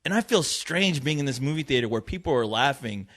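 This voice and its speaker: Animated, halting male reviewer. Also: mid-range voice. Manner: halting, stumbling restarts. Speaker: film reviewer. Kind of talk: casual chat.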